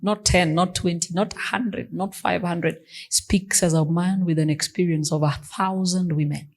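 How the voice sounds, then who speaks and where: A woman's voice: lowish voice, fairly even intonation, normal speed. A woman pastor, preaching an emphatic sermon that mixes English and Swahili.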